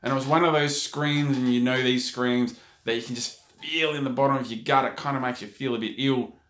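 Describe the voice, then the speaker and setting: A man's voice: mid-range voice, steady tone, fairly quick, fairly bright tone. A middle-aged man, a sales trainer, telling a story and coaching viewers in a motivational video talk. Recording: echoey room.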